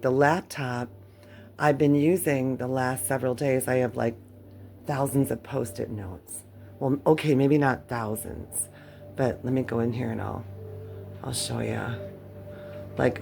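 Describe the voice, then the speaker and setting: A woman's voice: rumbling low, creaky, a little mellow. An older woman chatting casually to her viewers from a cluttered home workspace, rambling and poking fun at herself, audibly worn out. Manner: rambling, chatty, self-mocking. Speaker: channel host. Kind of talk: casual talk to camera.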